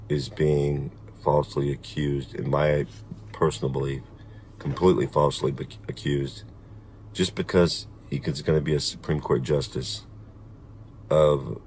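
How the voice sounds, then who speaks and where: A middle-aged man speaking in a measured, deliberate, firm way in a personal video message. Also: very deep voice, a little mellow, slight background noise. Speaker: vlogger.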